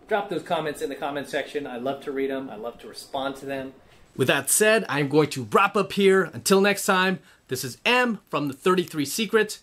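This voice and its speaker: A man's voice: a little high, fairly bright tone. A man hosting a dating-coaching video and speaking emphatically to the camera, often asking "right?". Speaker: dating coach and channel host. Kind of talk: direct-to-camera coaching monologue.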